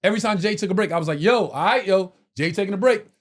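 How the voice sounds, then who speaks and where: A middle-aged man, co-hosting a podcast, tells a story in animated fashion, acting out other people's lines in streetwise, profane slang. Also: high-pitched, racing. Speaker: podcast co-host.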